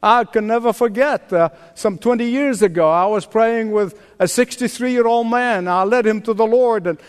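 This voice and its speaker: A man's voice: high voice, moderate pace, smooth. An older man preaching a sermon as pastor, emphatic and drawing responses from the congregation. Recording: long reverb of a large hall.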